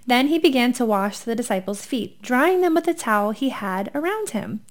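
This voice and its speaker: Woman co-host, a bit high-pitched, giggly and reflective in a casual Bible chat. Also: lively intonation, moderate pace.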